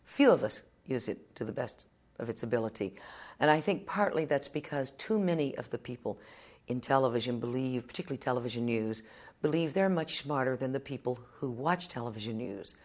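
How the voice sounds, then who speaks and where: Low-voiced wry woman storyteller from Texas. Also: brisk. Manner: wry storyteller, plainspoken and lively. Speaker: television journalist, interview guest. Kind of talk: casual interview answers.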